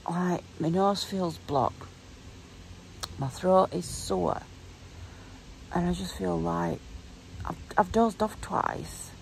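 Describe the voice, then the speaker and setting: A woman in her forties chats to her vlog audience in a croaky, gravelly voice, her throat sore and her tone tearful. She rambles along with plenty of fillers, and a faint hiss of noise sits behind her. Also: on the low side, slow pace, pauses often, rough recording. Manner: rambling, chatty, filler-heavy. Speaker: vlogger. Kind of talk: casual vlog chat.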